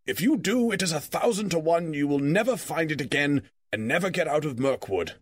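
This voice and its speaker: A man reading a story aloud, voicing a brisk, teasing old wizard in a lively, raised voice. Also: fairly high pitch, no echo, voice pushed up. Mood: warning.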